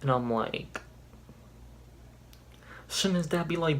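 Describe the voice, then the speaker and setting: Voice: mid-range voice, steady tone, moderate pace, long pauses, a little hiss or hum. A young adult YouTuber reading an embarrassing old story aloud, breaking off with exasperated, sarcastic asides. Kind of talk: mocking read-through with commentary.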